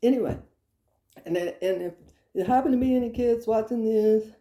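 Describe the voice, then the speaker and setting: Rambling woman telling stories. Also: normal speed. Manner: rambling, animated, breaks into high exasperated rants. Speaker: vlogger telling childhood stories. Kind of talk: casual comedic storytelling. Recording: echoey room.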